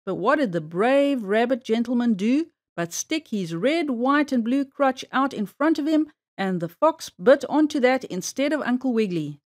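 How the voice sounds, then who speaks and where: A woman narrates a children's story with a playful, expressive delivery. Her voice sits high and bright. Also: moderate pace, few pauses.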